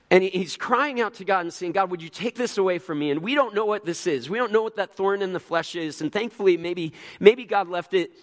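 A man preaching a sermon as a pastor, earnest and conversational, telling personal stories with frequent restarts. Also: fairly high pitch.

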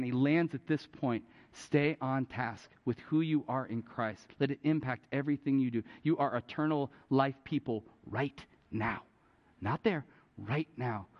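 A man preaching a sermon as a pastor, telling a story with animated, urgent peaks. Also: medium pitch. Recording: dull, echoey hall.

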